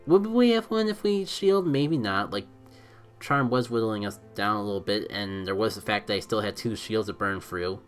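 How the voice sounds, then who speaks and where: A man streaming a mobile game, giving live commentary as he thinks out loud about his moves and is quick to blame himself. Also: on the low side, faint music behind. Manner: excitable, thinks aloud, self-critical.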